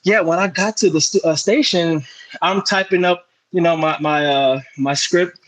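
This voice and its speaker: A young sports broadcaster, appearing as a guest in a casual interview, tells animated stories full of fillers and restarts. His voice is slightly high at a moderate pace, and the recording is rough.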